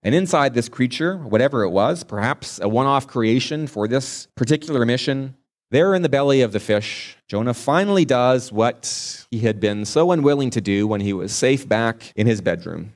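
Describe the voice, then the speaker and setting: A man's voice: medium pitch, expressive, normal speed. A man preaching a sermon, retelling a Bible story in a vivid storytelling manner with varied pace.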